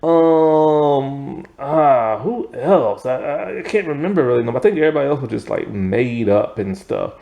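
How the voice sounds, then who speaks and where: A man giving a casual spoken video review of a TV series, rambling, filling pauses with fillers and laughing often. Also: mid-range voice, animated, creaky, narrow, tinny audio.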